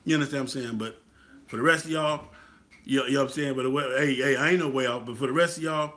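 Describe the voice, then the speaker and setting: Guy hyping up his bike club crew, punchy bright tone, repeats himself a lot. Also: medium pitch, fast. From Atlanta, US. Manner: preachy, repetitive, asks "you feel what I'm saying?". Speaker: motorcycle club talk host. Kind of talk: casual motivational talk.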